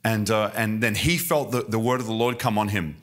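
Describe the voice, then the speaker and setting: Guest preacher, man, lowish voice, earnest sermon delivery with a self-deprecating wit. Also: steady tone, brisk, a bit bright. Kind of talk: sermon and prayer. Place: church service.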